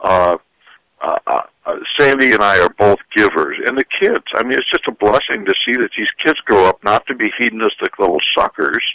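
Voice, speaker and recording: A man's voice: on the low side, brisk, dry recording, rough recording. An older man, a psychologist and author, giving parenting advice in a folksy, joking radio interview. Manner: folksy, joking, animated storyteller. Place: radio studio.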